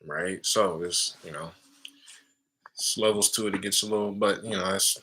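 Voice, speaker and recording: Spiritual teacher, deep sharp voice, casual talk, calls listeners family. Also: male voice, fairly even intonation, normal speed, slightly rough. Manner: casual, addresses listeners as family, frequent tag questions.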